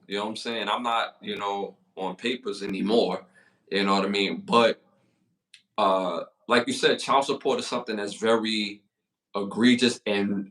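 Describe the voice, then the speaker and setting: A man with a Brooklyn accent co-hosting a hip-hop podcast, hyping up the chat with slangy shout-outs in casual talk. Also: on the low side. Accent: Brooklyn, New York. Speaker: podcast co-host.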